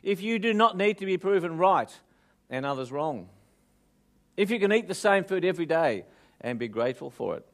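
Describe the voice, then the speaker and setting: Australian male speaker, lively joke-teller, fairly high voice. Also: normal speed. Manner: lively joke-telling, audience questions. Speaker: motivational speaker. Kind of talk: live motivational talk with jokes.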